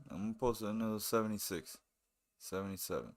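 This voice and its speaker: Deep, smooth-voiced laid-back stream host. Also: male voice, fairly even intonation, measured pace. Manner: laid-back, repeats phrases. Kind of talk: casual live-stream chat and game commentary.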